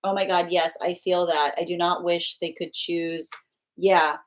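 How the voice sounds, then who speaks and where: A woman's voice: lowish voice, flat delivery, a little slow. A woman hosting a live tarot stream from home, chatting loosely, reading viewer comments aloud and laughing often. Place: at home with her pet nearby.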